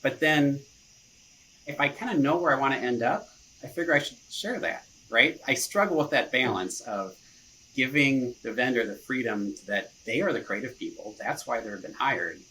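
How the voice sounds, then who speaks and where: A man with a bright, forward voice talks in a relaxed, conversational way. He chuckles easily and fills his thoughts with casual asides. There is a faint hiss of noise under him. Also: mid-range voice, normal speed, poor audio. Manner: easygoing, chuckles often, leans on "you know". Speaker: marketing director, podcast guest. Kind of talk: casual interview chat.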